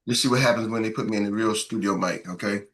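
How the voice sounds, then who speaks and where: A man's voice: lowish voice, fast. An older man coaching a live business masterclass, talking with energy, repeating key phrases and asking his audience to answer back. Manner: energetic, repetitive and call-and-response.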